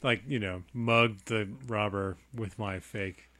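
A man's voice: lowish voice, fairly even intonation, takes it slowly, a bit bright. A man in a casual movie chat, wry and skeptical, stammering at times.

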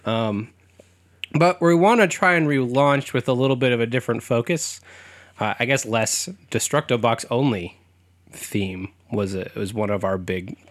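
A man's voice: mid-range voice, normal speed, dry recording. Joking young male podcast co-host. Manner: loose, joking, laughs often, many fillers. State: slightly sick voice. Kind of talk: casual chat.

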